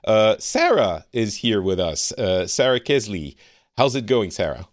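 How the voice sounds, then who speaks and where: Chatty French man, low and lively. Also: measured pace, no echo, clean studio sound. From France. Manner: chatty, laughing, self-deprecating. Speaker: podcast host. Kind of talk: casual chat.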